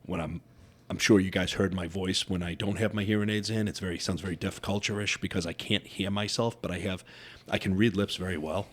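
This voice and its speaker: A man's voice: sits low, fairly even intonation, brisk, a bit bright. A middle-aged deaf man, a podcast guest who wears hearing aids, telling earnest stories in casual interview chat and acting out quoted dialogue.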